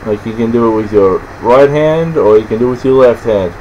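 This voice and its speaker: A presenter with an Australian accent rambles through an off-the-cuff explanation of slang to camera, stopping, restarting and filling gaps constantly. His mid-range voice comes across mellow, though the recording sounds muffled and has a faint hiss or hum.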